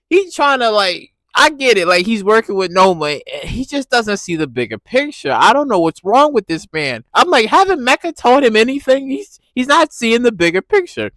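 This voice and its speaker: A man giving a casual, animated recap of a TV episode, laughing and repeating himself as he reacts. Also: very high voice, moderate pace, dry recording. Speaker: TV recap vlogger.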